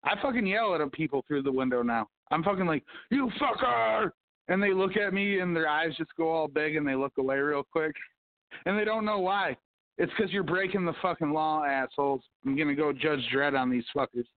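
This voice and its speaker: A man's voice: on the high side, a little fast, no room sound. A man hosting a casual livestream podcast, ranting and swearing as he reads the news and the comments. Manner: profane, ranting, hums to himself. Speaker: podcast host. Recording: tinny phone-like sound.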